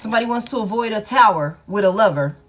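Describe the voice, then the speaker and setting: A woman's voice: mid-range voice, expressive, fast, slight background noise. Blunt, swearing woman reading tarot. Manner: blunt, swears freely, repeats herself. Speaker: tarot reader.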